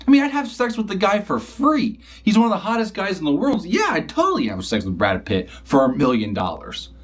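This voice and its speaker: A man voicing a giddy young sister in a high, squealing put-on voice. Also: wildly swooping pitch, a little fast, exaggerated voice. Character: young woman, gushing teen sister.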